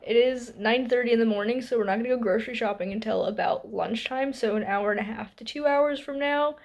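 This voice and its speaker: A young woman in her twenties vlogging from home about her reading, chatty and upbeat, with little laughs and quick asides. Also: fairly high pitch, vocal fry, a little mellow. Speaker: book vlogger. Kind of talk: casual reading vlog. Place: at home, indoors.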